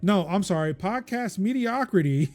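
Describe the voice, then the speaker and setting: A man's voice: high-pitched, lively intonation, moderate pace, darkish tone, soft background music. A man hosting a tech podcast in casual chat, jokey and self-deprecating. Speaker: podcast host.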